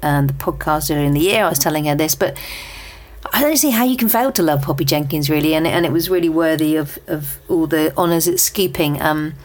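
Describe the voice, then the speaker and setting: A woman hosts her podcast and chats informally through her favourite books. Her voice sits a little low, and she talks in a loose, friendly way, often pausing on "um" and restarting her sentences. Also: animated. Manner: chatty, with many ums and restarts. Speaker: podcast host. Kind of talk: casual book recommendations.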